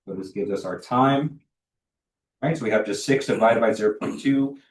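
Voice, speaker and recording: A young man with a lowish voice lectures a university class at normal speed, casually and with plenty of fillers, often pausing to check for questions. He's in a lecture hall, recorded on a distant mic with noticeable echo.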